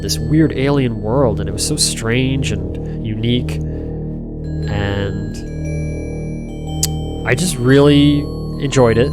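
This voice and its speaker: Rambling man telling a story. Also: medium pitch. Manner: rambling, full of "you know" and "like". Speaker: game streamer. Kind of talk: casual storytelling while playing.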